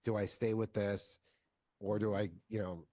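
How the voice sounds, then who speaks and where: Low-voiced man telling stories in an interview. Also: level tone, normal speed, a little mellow, no echo. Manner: rambling, heavy use of "like" fillers. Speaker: filmmaker guest. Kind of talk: casual interview storytelling.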